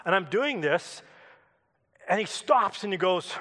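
A man's voice: high voice, lively intonation, a little slow, long pauses, fairly bright tone, big-room sound. A Canadian man preaching a sermon in a church, telling a personal story in a conversational way and asking the congregation questions. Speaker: pastor.

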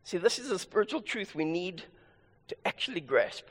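A man's voice: high-pitched, very animated, normal speed. A male pastor preaching a sermon, emphatic and repeating his key phrases for weight. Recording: long hall reverb.

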